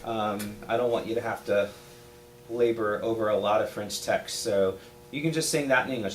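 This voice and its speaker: A man's voice: fairly low pitch, moderate pace, a little hiss or hum. A man teaching a youth choir, patiently explaining pronunciation step by step in a rehearsal. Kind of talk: rehearsal instruction.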